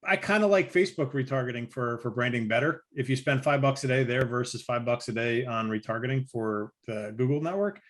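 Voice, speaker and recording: A man's voice: medium pitch, fairly quick, hardly any pauses. A man hosting a casual roundtable, chatting and asking questions on a video call. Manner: conversational, steers the talk with questions.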